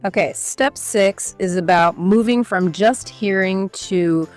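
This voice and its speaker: A woman's voice: medium pitch, slow, faint music behind. A woman co-hosting an educational podcast, walking listeners through study steps one by one in an upbeat chatty way. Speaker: podcast co-host. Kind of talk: scripted educational podcast chat.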